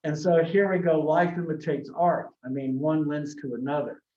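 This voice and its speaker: A man's voice: fairly high pitch, fairly even intonation, moderate pace. Man lecturing in an echoey classroom. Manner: conversational, anecdotal, frequent restarts. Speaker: college marketing instructor. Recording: echoey classroom from a distant mic, dull sound.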